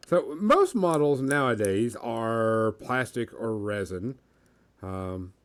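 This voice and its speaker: A man hosting a casual hobby podcast, talking in a halting way with many fillers. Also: medium pitch, expressive, a bit bright, smooth. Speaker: podcast host. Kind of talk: casual chat.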